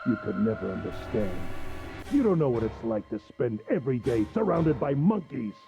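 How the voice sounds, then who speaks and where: An actor playing a pompous, cruel gentleman villain who mocks his captive and laughs at her. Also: medium pitch, very animated, normal speed, vocal fry, low-quality recording. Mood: mocking. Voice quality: mocking, theatrical, with cruel laughs. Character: sneering, pompous gentleman villain, adult man. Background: game music.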